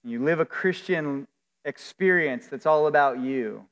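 A male pastor with a high voice delivers an earnest sermon at an unhurried pace. He leans hard on key words and drags them out. A long reverb from a church hall trails each phrase. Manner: earnest, emphatic preaching with drawn-out stresses.

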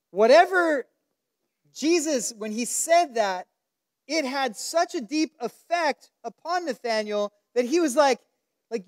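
A male pastor preaching a sermon at a church service, telling Bible stories with lively, acted-out quotes. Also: very high-pitched. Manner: animated storytelling, acts out quoted lines.

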